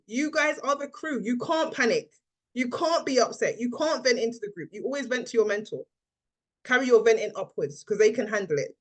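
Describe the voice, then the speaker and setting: A woman, a team leader running a training call over video, speaking with energy and acting out the people she quotes. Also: on the high side.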